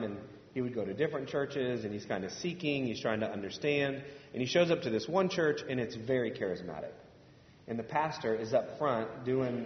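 A man from Indiana preaching a sermon to a congregation, telling a story in a conversational way and asking the room questions. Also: medium pitch. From Indiana, USA. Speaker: pastor. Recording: echoey hall, dull sound.

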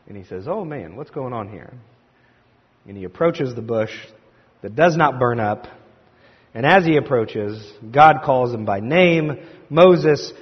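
In an echoey hall captured with dull, lo-fi audio, a male pastor recounts a scripture story, voicing its figures as his energy rises. He speaks at medium pitch with a slightly rough quality.

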